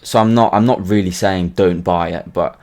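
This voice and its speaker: A man speaking as a game creator guest in a casual podcast interview, talking haltingly with frequent restarts and repeated words. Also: sits low, fairly even intonation, darkish tone.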